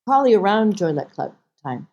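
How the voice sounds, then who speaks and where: A woman's voice: mid-range voice, a little fast, muffled recording. A woman actress talking as a podcast guest in a casual interview, telling stories with animation and acting out bits of dialogue. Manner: animated storyteller, acts out dialogue.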